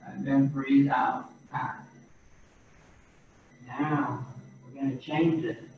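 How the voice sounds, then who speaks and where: A man teaching a qigong class over a video call, giving slow, calm breathing and movement cues. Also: medium pitch, slight background noise. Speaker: qigong instructor. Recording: roomy, distant, dull video-call audio.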